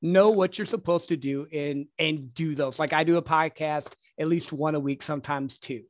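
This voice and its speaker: A man's voice: a little high, fairly even intonation, moderate pace, no echo, clean studio sound. A man hosting a podcast, talking in a chatty, agreeable way and reflecting back what his guest said. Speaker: podcast host. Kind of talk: casual podcast conversation.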